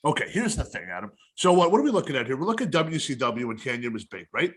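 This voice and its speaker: A man's voice: mid-range voice, big pitch swings, quick pace, fairly bright tone, breathy edge. A man in his thirties co-hosting a casual wrestling talk show, blunt and opinionated, getting fired up over his points. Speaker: podcast co-host.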